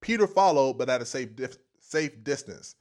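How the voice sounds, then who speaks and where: A man's voice: medium pitch, expressive, moderate pace, darkish tone. A man preaching a casual, folksy sermon, repeating phrases and stopping now and then to chuckle.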